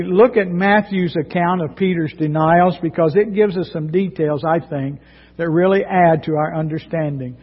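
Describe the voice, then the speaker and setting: A man preaching a dramatic sermon, reading scripture and swinging between loud emphasis and hushed moments. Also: sits high. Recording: dull sound with long hall reverb.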